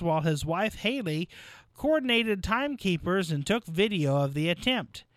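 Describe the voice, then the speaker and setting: A man's voice: high-pitched, fairly bright tone, dry recording. A man hosting a local radio call-in trivia show, friendly and chatty with callers.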